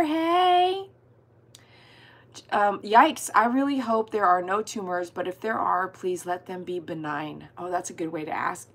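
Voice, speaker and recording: A woman's voice: mid-range voice, fairly bright tone. A woman hosting a livestream, chatting casually and greeting viewers by name. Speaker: dog groomer hosting a livestream.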